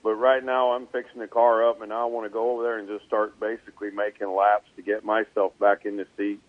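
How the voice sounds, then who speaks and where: A male race car driver and team owner, appearing as a guest, calmly lays out his plans in a casual interview over a tinny, dry phone line. His fairly low voice is relaxed and measured, dotted with frequent ums and uhs.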